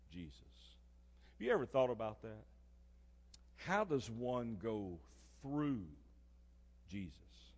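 An older man preaching a sermon in a church, swinging from soft, low murmurs to loud, emphatic declarations. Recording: long reverb of a church hall.

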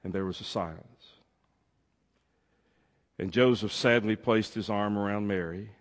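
A man's voice: on the low side, unhurried. Man telling a heartfelt story in a hall. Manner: expressive, swings from loud to hushed. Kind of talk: emotional storytelling. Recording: long hall reverb.

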